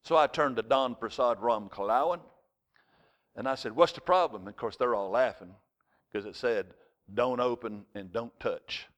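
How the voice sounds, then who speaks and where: Male pastor preaching; lively storyteller who acts out shouting voices. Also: mid-range voice, moderate pace. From United States. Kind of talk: sermon.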